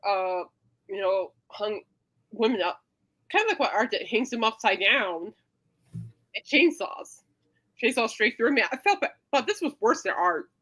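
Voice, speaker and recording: A woman hosting a casual podcast, rambling through an animated story with many fillers and dramatic re-enactments of her own reactions. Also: on the high side, a little slow, long pauses. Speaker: podcast host. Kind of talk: casual rambling livestream chat.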